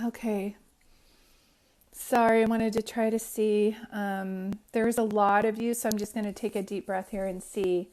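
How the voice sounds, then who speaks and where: Woman, psychic medium, live-streamed reading, phone mic, chatty, emotional, slightly high voice, checks in with listeners. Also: darkish tone. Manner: emotional, near tears at times. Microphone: phone livestream.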